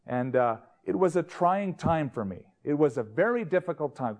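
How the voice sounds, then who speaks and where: A man's voice: mid-range voice, sing-song, normal speed, hardly any pauses, darkish tone. A male pastor preaching a sermon in a conversational, anecdotal storytelling manner.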